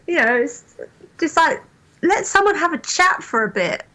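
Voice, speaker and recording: A woman joining a casual podcast chat as a guest. She speaks in a fairly high voice, chatty and quick to laugh. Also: sing-song, pushed and bright.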